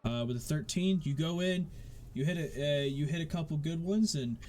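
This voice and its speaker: A man's voice: fairly high pitch, normal speed, dark tone. A man narrating a tabletop game as game master in a casual, rambling way with many fillers.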